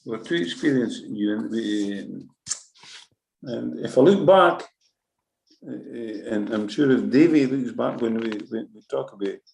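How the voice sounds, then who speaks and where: A Scottish man, a former football manager, telling lively anecdotes in an interview and acting out what people said. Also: medium pitch, measured pace, vocal fry. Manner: lively anecdotal, acts out quotes, swears. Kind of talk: animated storytelling interview. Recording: roomy echo.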